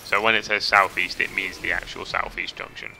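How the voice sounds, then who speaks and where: Gravelly man streaming a game. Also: sits low, little pitch movement, brisk, music in the background. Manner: chatty, reads chat aloud, swears casually. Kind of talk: casual gameplay commentary.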